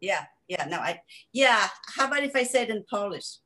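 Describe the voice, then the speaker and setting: A woman's voice: medium pitch, lively intonation, fairly quick, bright, forceful tone. A woman on a video call who speaks up hesitantly and casually when she is asked to share a greeting. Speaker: congregant.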